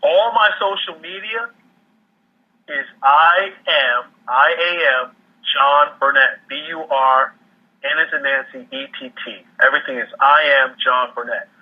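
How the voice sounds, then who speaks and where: Husky-voiced man on a call. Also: medium pitch, measured pace. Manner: repeats and restarts words often. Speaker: guest economic commentator. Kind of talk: casual interview over a call. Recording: muffled phone-line audio.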